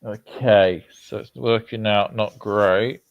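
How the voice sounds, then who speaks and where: A Yorkshire man with a Yorkshire accent co-hosts a live tennis watchalong, offering casual commentary in a thoughtful, easygoing way and laughing easily. His lowish, gravelly voice is slow with fairly even intonation, and the lo-fi audio sounds slightly dull.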